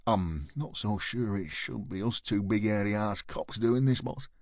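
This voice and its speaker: A man voicing a weary police sergeant with a lazy, quiet, calm way of talking. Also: fairly low pitch, unhurried, no room sound, clean studio sound.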